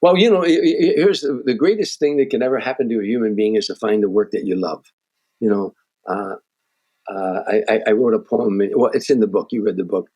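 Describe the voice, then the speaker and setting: A man's voice: on the low side, brisk, warm tone, breathy edge. A man, a guest comedian on a podcast, telling stories and giving earnest motivational advice, often restarting his sentences. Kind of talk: podcast interview storytelling.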